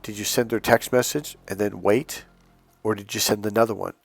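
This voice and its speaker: A man's voice: on the low side, fairly even intonation, brisk, creaky, slightly rough, dry recording, faint music behind. A man coaching on dating in a casual, blunt monologue, swearing freely and acting out quoted voices. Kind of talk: casual direct-to-camera monologue.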